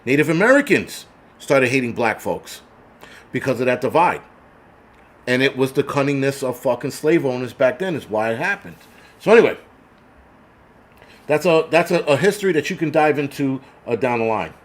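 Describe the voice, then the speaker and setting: A man's voice: mid-range voice, animated, moderate pace, pauses often. A man hosting a livestream, ranting bluntly with heavy swearing and many restarts while thanking viewers for donations. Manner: blunt, heavily profane, repetitive restarts. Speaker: livestream host.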